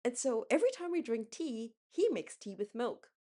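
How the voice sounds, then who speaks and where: A woman's voice: on the high side, big pitch swings, moderate pace, warm tone. A young woman from Singapore rambling in a casual late-night vlog, correcting herself often and laughing as she talks. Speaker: vlogger.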